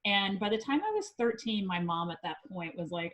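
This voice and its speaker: A woman from Indiana, a psychic medium guest on a podcast, telling a personal story in a chatty, lively way with frequent ums. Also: medium pitch, brisk, low-quality recording.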